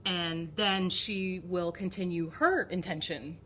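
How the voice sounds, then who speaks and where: A woman's voice: lowish voice, steady tone, takes it slowly, bright, forceful tone, slight background noise. A woman acting coach patiently explaining a technique, with many ums as she talks. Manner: patient, filler-heavy explaining.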